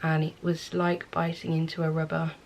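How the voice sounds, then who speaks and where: Young birmingham woman chatting to her camera at home, low-ish voice, bit self-deprecating. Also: monotone, normal speed. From England. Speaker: vlogger. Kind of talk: casual chat to camera. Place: indoors at home. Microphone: camera mic.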